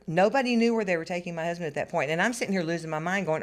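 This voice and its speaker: A woman in her sixties giving an emotional interview, animated and repeating herself as her voice rises. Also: on the low side, rapid-fire, hardly any pauses. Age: 60s.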